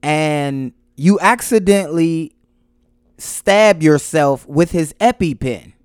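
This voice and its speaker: A man's voice: fairly high pitch, expressive, slow, smooth, no echo, studio quality. A man co-hosting a casual chat, telling a family story animatedly and teasing his wife. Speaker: podcast co-host.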